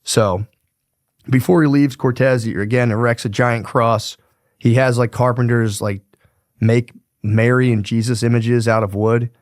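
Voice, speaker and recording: A man's voice: medium pitch, steady tone, measured pace, dry recording, studio quality. A young man hosting a podcast, retelling history in a casual, profane, rambling way. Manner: profane, slangy, rambling with fillers. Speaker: podcast host.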